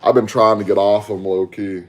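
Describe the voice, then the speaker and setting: Through a headset mic, a young Southern-accented man from Texas hosts a podcast livestream and casually chats with viewers. He's laid-back, uses slang, and talks to chat. His voice is lowish, with fairly even intonation and a moderate pace.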